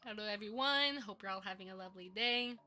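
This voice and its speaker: A woman's voice: medium pitch, quick pace, sharp tone, soft background music. A woman streaming live as a VTuber while modeling in 3D, chatting playfully with giggles and mock-villain theatrics. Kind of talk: casual live stream chat.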